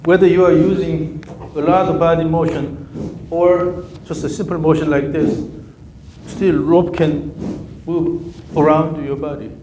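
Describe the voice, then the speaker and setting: Measured and level, with a warm tone on the high side, a man with a Korean accent guides a golf student through drills using short, repeated cues. The live session was recorded in an echoey room with faint ambience and a little hiss or hum.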